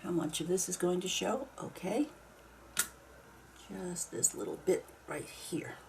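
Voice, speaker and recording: A woman's voice: lowish voice, expressive, measured pace, gravelly, a little mellow, slight background noise. A woman casually talking herself through a craft project step by step, now and then grumbling mildly at the work. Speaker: craft video maker. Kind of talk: casual narration while crafting.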